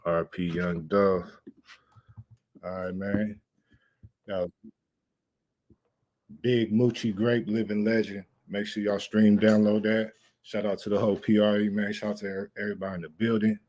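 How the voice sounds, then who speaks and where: Deep-voiced laid-back male livestream host. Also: little pitch movement, normal speed, long pauses, a little mellow. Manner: laid-back, rambling, slangy. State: out of breath. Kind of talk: casual livestream chat.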